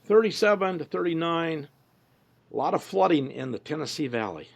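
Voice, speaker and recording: A man's voice: fairly high pitch, animated, moderate pace. A man being interviewed, talking casually and telling stories, often quoting people he met. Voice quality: gravelly, husky. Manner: storytelling, quoting others in voices. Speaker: interview guest, researcher.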